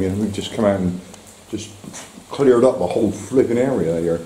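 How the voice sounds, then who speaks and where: A middle-aged man vlogs on a rainy seafront, chatting casually to his handheld camera and to his dog and often laughing at himself. His voice is lowish, warm and lively in intonation, with a measured pace and frequent pauses. The audio is poor, with faint outdoor noise.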